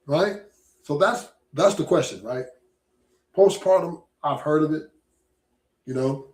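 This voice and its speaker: A man's voice: a little high, a little slow, a little mellow. Rambling man on a roomy-sounding mic. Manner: rambling, keeps asking "right?". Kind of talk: casual podcast talk. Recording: roomy echo.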